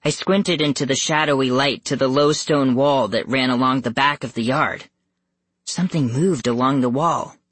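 An audiobook narrator reading a first-person spooky story slowly and suspensefully. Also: mid-range voice, a bit bright, dry recording. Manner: slow, measured and suspenseful, rising tense at scary moments. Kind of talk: first-person scripted horror narration for young readers.

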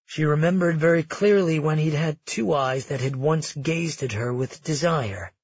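Male audiobook narrator, husky, measured, dry dull recording. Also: fairly high pitch, dry recording. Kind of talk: scripted narration.

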